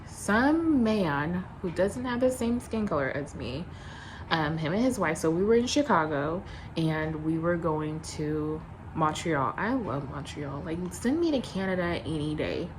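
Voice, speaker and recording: A young adult woman, a flight attendant, telling a story in a casual vlog, blunt and animated, acting out both sides. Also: deep voice, a little slow, background noise.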